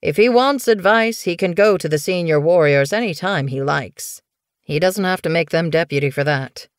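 Raspy old tomcat seer, voiced by a woman. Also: on the low side, dry recording, clean studio sound, close to an everyday voice. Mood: ominous. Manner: slow, ominous, commanding. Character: gruff old male medicine cat, cryptic.

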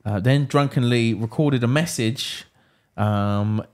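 A man hosting a podcast, talking casually in a relaxed, hesitant way with many fillers. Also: medium pitch, takes it slowly. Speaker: podcast host. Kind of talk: casual chat.

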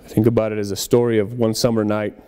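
A man's voice: on the low side, little pitch movement, fast talker, mellow, clear, resonant tone, in a large hall. A man preaching a conversational sermon in a church, acting out little dialogues as he goes. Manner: conversational preaching with acted-out quotes. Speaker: pastor.

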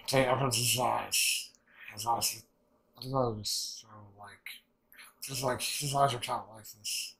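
A man hosting an anime reaction, recapping an episode in a rambling, excitable way and swearing often. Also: medium pitch, unhurried, rough recording.

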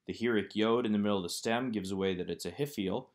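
A man's voice: lowish voice, fast. A man teaching a recorded Hebrew grammar lesson, walking through workbook exercises one by one in a methodical, explanatory way.

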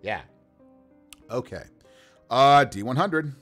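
A man chatting casually on a livestream as a game master, building characters by rolling dice, animated and laughing often. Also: mid-range voice, measured pace, creaky, pauses often, breathy edge, soft background music.

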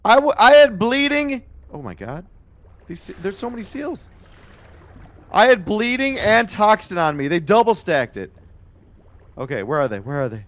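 An American man with a high voice, goofy and playful, exclaiming through casual gameplay chat as co-host. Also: very animated, moderate pace, pauses often, fairly bright tone. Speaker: gaming co-host.

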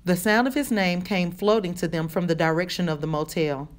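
A woman reading a children's novel aloud in measured narration. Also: fairly low pitch. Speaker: audiobook reader.

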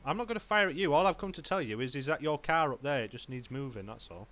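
A man's voice: on the high side, animated, fast, a bit bright. A man playing a police officer in online role-play chat. He talks bluntly, swears casually and calls everyone "mate".

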